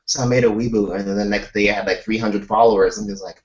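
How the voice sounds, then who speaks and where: A man chatting casually on a video call about making reaction videos, excitable and full of "like". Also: fairly low pitch, very fast, few pauses. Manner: animated storytelling, excitable, lots of "like". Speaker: K-pop reaction YouTuber, live chat host. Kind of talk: casual chat. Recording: echoey, distant, lo-fi call audio.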